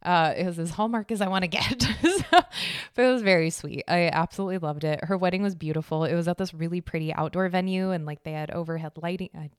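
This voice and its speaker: A woman's voice: on the low side, quick pace, clear, resonant tone, no room sound, clean studio sound. A young woman from Arizona, a podcast host giving casual life updates, chatty and swearing freely with frequent laughs.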